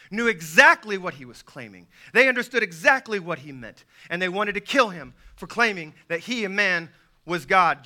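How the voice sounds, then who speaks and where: A male pastor shouts his sermon in a high voice with a very bright, sharp edge. His delivery is emphatic and relentless, hammering the same phrases again and again. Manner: yelling, emphatic and repetitive.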